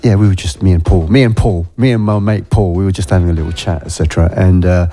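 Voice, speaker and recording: Laid-back low-voiced male radio DJ. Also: fairly even intonation, fast, dark tone, soft background music. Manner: rambling, self-correcting, laid-back. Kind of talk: casual on-air chat.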